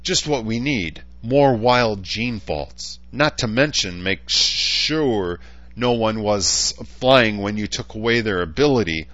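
A man voicing a sardonic council elder who speaks dryly and deliberately. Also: on the low side, expressive, fairly bright tone, no echo, dull audio, voice pushed up. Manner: dry and deliberate.

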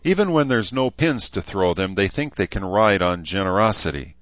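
A man's voice: low-pitched, animated, normal speed, fairly bright tone, no echo, pitched above the performer's own voice. A man voicing a weary middle-aged male town leader who speaks coldly and wryly. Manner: cold, wry, talkative. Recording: slightly dull recording.

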